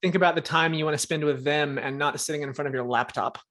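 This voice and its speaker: A man's voice: fairly high pitch, fairly even intonation, fast talker, a bit bright. A man hosting a podcast interview, encouraging his guest with frequent short affirmations and casual follow-up questions. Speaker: podcast host.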